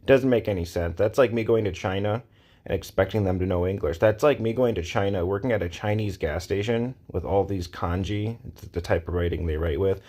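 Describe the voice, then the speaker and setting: A man with a somewhat low voice rants straight to camera in a casual, exasperated way. He circles back to the same points and throws out rhetorical questions as he goes. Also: a little mellow. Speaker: vlogger. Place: Los Angeles area.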